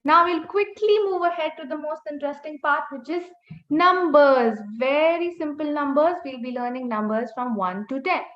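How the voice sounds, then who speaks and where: A woman's voice: high-pitched, moderate pace. A woman teaching an online class, patiently drilling words and correcting pronunciation over and over. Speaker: language teacher. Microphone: video call. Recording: echoey, dull webinar audio.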